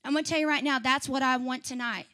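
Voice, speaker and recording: A woman's voice: high voice, steady tone, quick pace, bright, forceful tone. A woman in her twenties from Southeast Missouri with a twang, preaching an urgent, repetitive sermon at a youth service. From Southeast Missouri, USA. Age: 20s. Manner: fiery, repetitive and urgent, with emphatic rising appeals. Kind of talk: Pentecostal sermon.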